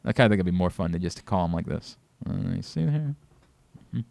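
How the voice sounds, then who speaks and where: A man's voice: low-pitched, animated, fast talker, creaky, noisy background. A man hosting a sports radio show in casual chat, brash and teasing, swinging between mock outrage and laughter into a studio microphone.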